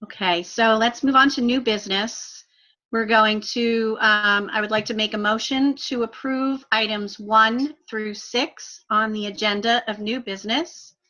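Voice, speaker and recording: A woman chairing a school board meeting who runs through motions in a brisk, businesslike way. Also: fairly high pitch, fairly even intonation, sharp tone, low-quality recording. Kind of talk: formal meeting procedure.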